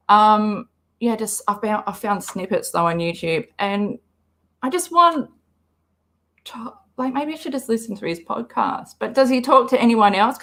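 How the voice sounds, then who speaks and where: A woman talks slowly and easily as she hosts a live reaction stream. She rambles from one thought to the next in a casual, chatty way and reads the chat aloud as she goes. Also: mid-range voice, fairly bright tone. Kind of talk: casual livestream commentary.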